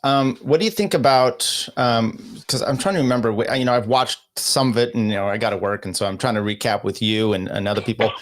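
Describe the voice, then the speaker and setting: A man's voice: mid-range voice, fairly quick, few pauses. A man from California hosting a podcast, casual chat with frequent laughs and restarts. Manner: laughs often, fillers and restarts. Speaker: podcast host.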